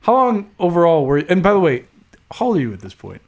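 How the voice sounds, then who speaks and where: A man hosting a podcast, asking quick follow-up questions and laughing easily in casual conversation. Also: a little high, wildly swooping pitch. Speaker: podcast host. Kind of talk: casual interview chat.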